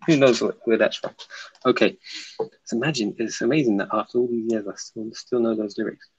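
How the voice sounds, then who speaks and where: A man's voice: mid-range voice, fairly quick, slightly rough, muffled recording. A man hosting a casual live stream, reading viewer comments aloud and answering them, often laughing. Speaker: livestream host reading chat.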